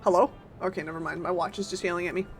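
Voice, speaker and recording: A woman streaming a game live, chatting casually and playfully with bursts of loud exclamations. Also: on the low side, steady tone, rapid-fire, faint music behind.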